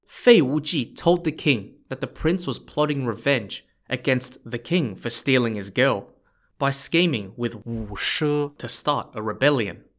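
A man narrating a history tale in a relaxed, conversational podcast style. He speaks at an ordinary middle pitch and often turns aside to talk straight to his listeners. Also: unhurried. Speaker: podcast storyteller. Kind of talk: casual history storytelling.

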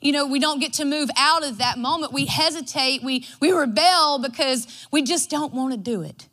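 Woman preaching, bright voice, higher pitch, folksy storyteller. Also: moderate pace. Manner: folksy and storytelling, acts out her own quotes. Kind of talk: devotional sermon.

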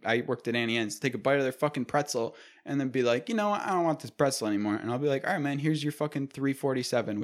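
A man in his twenties telling a story in casual, profane chat, acting out what people said. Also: mid-range voice. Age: 20s.

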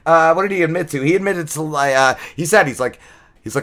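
A man hosting a podcast, recapping a TV episode in a rambling, profane, casual way with plenty of filler words. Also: a little high. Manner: animated retelling with quick drops in energy. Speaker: podcast host.

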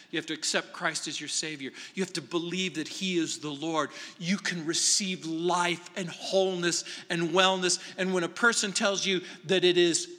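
A man preaches in a high, sharp and forceful voice, talking to his congregation in a conversational way. He drops to quiet asides and then presses hard on key words. His voice rings with a long reverb from the church hall. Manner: conversational and emphatic, swinging between quiet asides and raised stresses. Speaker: pastor. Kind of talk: verse-by-verse sermon. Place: church sanctuary.

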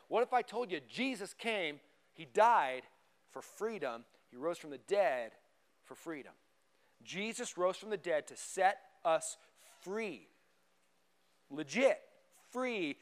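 A man in his forties preaching a sermon in a church, animated and conversational, full of rhetorical questions. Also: sits high. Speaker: pastor. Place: church sanctuary.

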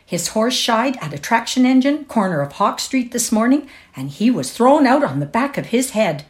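A woman's voice: a little high, big pitch swings, moderate pace, pitched above the performer's own voice. A woman voicing a delivery man who eagerly relishes telling grim news. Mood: relishing.

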